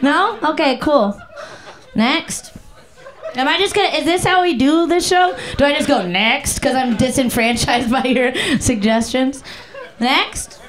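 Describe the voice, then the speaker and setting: A young woman doing improvised stand-up on a club stage, brash and crude, riffing on crowd shouts with squeals and silly sound effects. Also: high voice, unhurried. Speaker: stand-up comedian.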